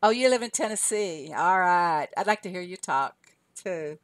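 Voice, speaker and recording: A woman's voice: lowish voice, lively intonation, moderate pace, no echo. An older woman with a Southern US accent chatting casually on a live stream, laughing often and answering her chat aloud. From Southern US, Arkansas. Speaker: game streamer.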